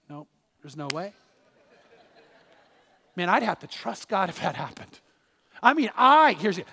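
A pastor preaches with a fairly high voice, firing rhetorical questions at his congregation. The man's voice rings out in a church sanctuary with a long trailing reverb. His delivery is emphatic and direct. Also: fairly bright tone. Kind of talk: sermon.

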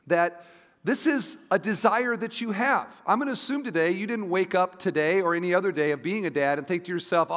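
A middle-aged man preaches a conversational sermon, his voice a touch higher than most. He drops into quiet asides and then climbs to emphatic points. The sound rings with the long reverb of a large church hall. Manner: conversational preaching, shifting between soft asides and emphatic rises. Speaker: pastor. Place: church sanctuary.

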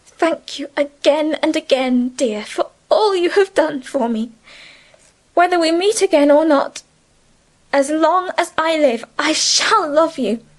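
Tender young schoolgirl in an audiobook , read by a woman; high, soothing, earnest. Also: a little slow. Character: gentle affectionate schoolgirl friend, young woman. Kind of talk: audiobook character reading.

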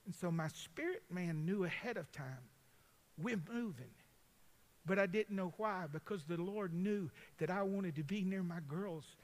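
A man's voice: high-pitched, moderate pace, few pauses. A man, a pastor preaching a folksy, conversational sermon full of personal stories, talking straight to his congregation. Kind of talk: storytelling sermon.

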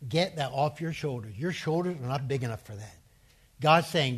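Male preacher, somewhat high voice, emphatic sermon delivery that drills key phrases through repetition and call-and-response. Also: expressive, brisk, a bit bright, husky. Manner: emphatic, repeats key phrases, has the audience say verses aloud. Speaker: preacher and seminary professor.

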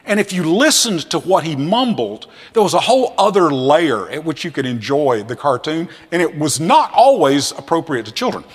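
A man giving a classroom lecture on scripture, animated and fond of acting out the voices he quotes. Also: on the high side, moderate pace, hardly any pauses, slightly rough, in a large hall. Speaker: seminary lecturer.

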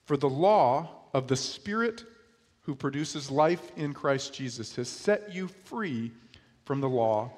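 A man's voice: mid-range voice, animated, slow, darkish tone. Man preaching in an echoing hall. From New York, USA. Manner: conversational preaching with frequent rhetorical questions. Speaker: pastor. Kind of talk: sermon.

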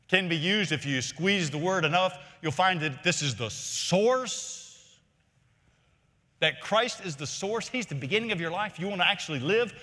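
A man preaching a sermon as senior pastor, emphatic, repeating key phrases and climbing higher to stress his points. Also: bright, forceful tone. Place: large church sanctuary. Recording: long hall reverb from a church.

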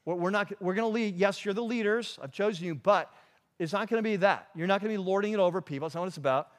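A man's voice: sits high, fast talker. A man preaching a sermon in a conversational way, with frequent restarts and asides to the congregation. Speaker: pastor.

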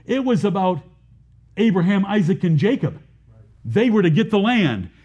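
High-voiced Baptist preacher. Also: male voice, animated, normal speed, darkish tone, slightly rough, lo-fi sound. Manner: preaching with rhetorical questions to the congregation. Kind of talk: sermon.

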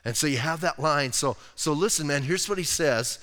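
Male pastor, emphatic, conversational preaching, bright tone in a church hall. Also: fairly high pitch, normal speed. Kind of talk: sermon. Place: church sanctuary.

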